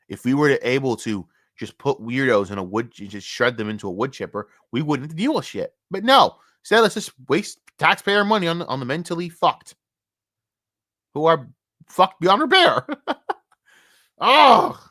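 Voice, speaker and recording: A streamer ranting on a live stream, cursing constantly, dropping to low mutters and then bursting out loud, and often repeating the same phrase several times. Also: dry recording, studio quality. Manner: profane, swings between low muttering and loud outbursts.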